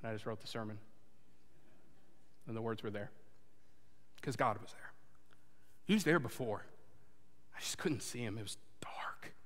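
A man preaching a sermon and telling a personal story, earnest, moving between loud urging and hushed confession. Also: fairly low pitch, normal speed, pauses often. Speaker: pastor. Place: church sanctuary before a congregation. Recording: long hall reverb.

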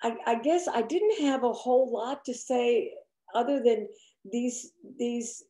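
An older woman with a light Spanish accent telling a group about her own experiences, halting and nervous, with many restarts. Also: a little high, warm tone. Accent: Spanish-accented English. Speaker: church discussion speaker. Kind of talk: personal testimony to a group. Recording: echoey room.

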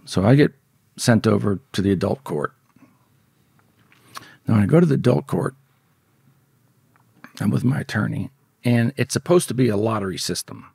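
A man's voice: fairly low pitch, animated, normal speed, gravelly, long pauses, a little mellow, slightly rough, no echo, clean studio sound. A man guest in an interview, telling a story in a rambling, profane, conversational way. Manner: profane, rambling, repeats words as he goes. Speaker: podcast guest.

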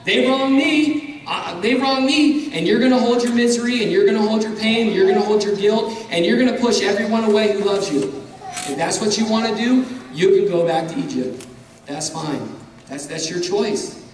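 High-voiced man preaching in an echoey hall. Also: fairly quick, slight background noise. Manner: impassioned, builds to shouting; repeats phrases for emphasis. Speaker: guest preacher. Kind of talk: sermon. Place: church sanctuary. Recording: echoey church hall from far off.

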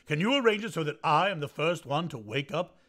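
A man voicing a very old, gentle male horse in a children's story, obliging and slow in manner. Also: a little high, lively intonation. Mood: kindly.

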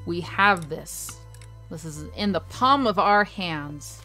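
A woman's voice: fairly low pitch, slow pace, bright, forceful tone, soft background music. A woman streaming a game from her home desk, chatting casually in a playful, giggly way and often apologizing to her chat.

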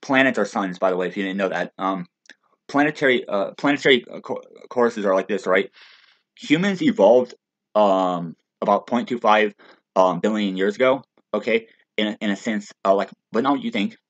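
A man in a rambling, profane monologue rant, stammering and restarting, with heated loud outbursts. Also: fairly low pitch, normal speed. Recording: dull lo-fi recording.

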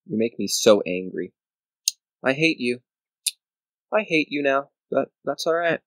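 A man narrates his board game session in an unhurried, drawn-out way, counting moves aloud and grumbling in mock anger at his opponent. His voice swings up and down freely. The sound is dry and close, with no room echo. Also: medium pitch, sing-song, fairly bright tone. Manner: talks to himself, counts squares aloud, mock-angry grumbling. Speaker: gamer playing a board game video game. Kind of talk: casual gameplay commentary.

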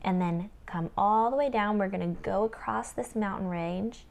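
A woman's voice: medium pitch, moderate pace, vocal fry. Homeschool tutor woman explaining lesson plans. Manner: demonstrates classroom prompts in a bright teacherly sing-song. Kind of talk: lesson plan walkthrough.

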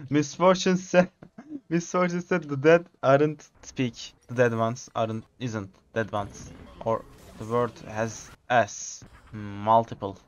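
A man, excitedly commenting on his own gameplay, repeating short exclamations in English. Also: mid-range voice, slow, highs cut off. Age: 20s. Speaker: gamer streamer.

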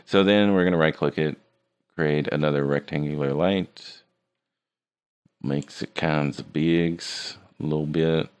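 Man, deep voice, gravelly, casual jokey tutorial, desk mic. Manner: joking, teasing his students. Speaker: 3D art teacher. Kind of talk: casual screen-recorded tutorial.

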